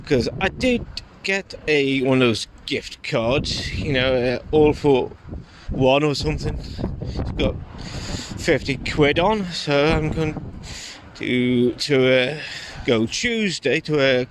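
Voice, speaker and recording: A man vlogging outdoors on a phone in wind and rain, rambling with many fillers and pauses. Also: fairly high pitch. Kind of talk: casual vlog chat. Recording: heavy wind noise on phone mic.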